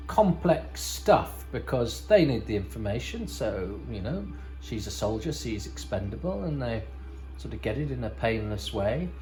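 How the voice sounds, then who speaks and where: On a low-quality recording, a male podcast host with a mid-range, darkish voice rambles casually about a TV episode. He drops wry asides and keeps correcting himself.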